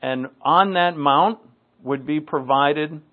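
A man's voice: a little high, takes it slowly. New england guy preaching, chatty and dry-humored, sounds like it's over a phone. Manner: conversational and wry, with asides and dry jokes. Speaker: pastor. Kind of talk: Bible teaching sermon. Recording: tinny phone-like recording.

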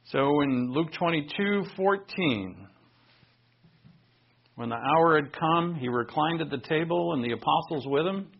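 Male preacher, earnest and conversational, husky, gravelly edge. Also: on the high side, animated, measured pace, highs cut off. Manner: earnest, conversational storytelling with personal asides. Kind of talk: sermon.

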